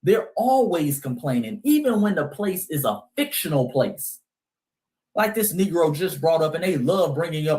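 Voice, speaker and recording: Male host, impassioned monologue, emphatic and direct, slightly raised pitch. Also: big pitch swings, normal speed, darkish tone. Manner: heated, emphatic, addresses listeners as family. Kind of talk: commentary monologue.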